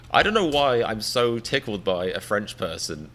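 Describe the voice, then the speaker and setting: A man's voice: fairly low pitch, fairly bright tone. An English man in his thirties, chatting casually to a live-stream audience in a rambling, self-deprecating, mock-exasperated way. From England. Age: 30s.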